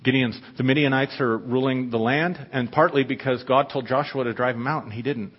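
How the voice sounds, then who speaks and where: A pastor preaching a sermon, emphatic and conversational, often asking the listeners questions. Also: male voice, medium pitch, steady tone, a little fast, breathy edge. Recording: echoey hall, dull lo-fi sound.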